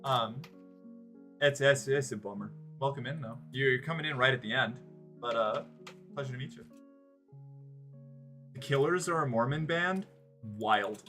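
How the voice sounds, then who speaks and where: Male streamer, casual rambling rant, sarcastic, swears a lot, sharp bright tone. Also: mid-range voice. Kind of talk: casual livestream chat.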